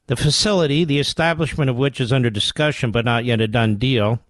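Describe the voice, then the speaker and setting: A man's voice: mid-range voice, fairly quick, no room sound. A man hosting a political talk radio show, delivering combative, mocking commentary.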